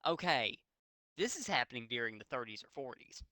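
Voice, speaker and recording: A man's voice: medium pitch, sing-song, fairly quick, bright, forceful tone, no room sound, clean studio sound. An Australian man giving a comedic dramatic reading, sarcastic and exasperated as he comments on the story. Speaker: narrator.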